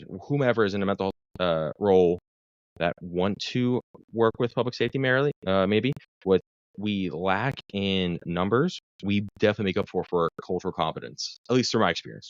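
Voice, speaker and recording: On a dry, muffled recording, a man with a lowish voice talks fairly quickly as a podcast guest. A mental health clinician for first responders, he tells a lengthy personal story in a profane, rambling way, correcting himself along the way.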